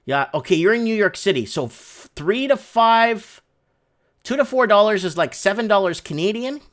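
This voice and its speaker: A man hosting a casual livestream from a home studio, talking through chat messages in an excitable, rambling way. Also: high-pitched, moderate pace. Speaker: livestream host.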